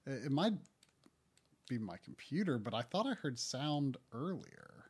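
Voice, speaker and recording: Male streamer, animated delivery with a wide pitch range, laughs easily while playing. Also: unhurried, slightly rough. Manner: chatty, laughs often, animated. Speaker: streamer playing a retro game. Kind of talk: casual live-stream chat.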